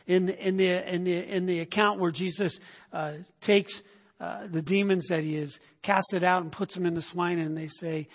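Man, preacher, sermon, teaching tone, keeps asking "okay?", high voice, husky. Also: fairly even intonation, moderate pace, in a large hall. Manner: teaching tone with frequent "okay?" and "right?" check-ins.

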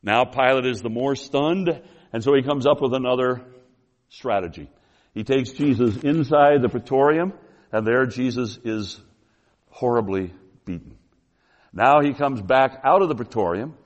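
A man preaching an expository sermon, telling the story with animation, swinging between loud emphasis and quiet asides, calling the congregation folks and restarting his phrases. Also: medium pitch, highs cut off. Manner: addresses the congregation as folks, with restarts and apologies for running long.

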